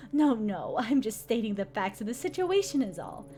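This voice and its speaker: A woman's voice: fairly high pitch, very animated, moderate pace, mellow. A woman voicing a female yakuza boss in a game, speaking in a silky, mocking, coolly threatening way.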